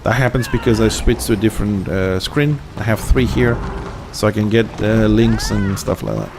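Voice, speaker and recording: A man's voice: on the low side, steady tone, moderate pace, noisy background. Man with a slight lisp, streaming. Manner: chatty, explains things to viewers as he plays; non-native English speaker. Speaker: game streamer. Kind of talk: casual live-stream commentary.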